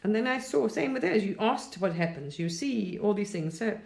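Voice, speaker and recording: A woman's voice: medium pitch, expressive, moderate pace, vocal fry, darkish tone, echoey room. A middle-aged woman from England, chatting casually and reflectively on a live stream, rambling and laughing often.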